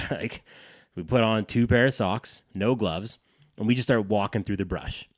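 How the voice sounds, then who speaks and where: A man co-hosting a casual podcast, spinning a lively, swear-heavy anecdote. His voice sits a little low. The sound is dry and close, with no room around it. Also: a little slow, dry recording. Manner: profane, animated storyteller. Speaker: podcast co-host. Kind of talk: casual storytelling chat.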